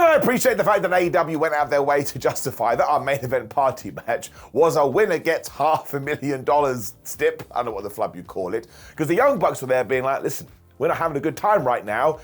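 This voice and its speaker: A man giving a casual recap of a wrestling show, chatty and wry, slipping into quick impressions of the wrestlers. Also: mid-range voice, animated, soft background music.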